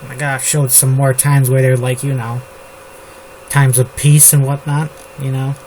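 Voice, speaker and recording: A man writing a novel on camera, slowly reading his draft aloud and rambling about it with lots of fillers. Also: medium pitch, rough recording. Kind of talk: writing session, thinking aloud. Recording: steady background noise with keyboard typing. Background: computer keyboard typing.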